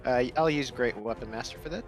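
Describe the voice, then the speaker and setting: A man with a mid-range voice calling out his attack rolls at a tabletop game. He sounds matter-of-fact, with soft music behind him. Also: mid-range voice, brisk. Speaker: player. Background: background music.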